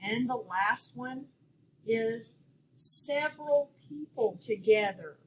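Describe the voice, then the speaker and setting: A woman leading a phonics lesson with a slightly high voice and an unhurried, deliberate pace. She sounds out each word clearly and patiently, as if for young learners. A faint noise sits under the recording. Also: lively intonation, low-quality recording. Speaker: phonics teacher. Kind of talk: classroom lesson walkthrough.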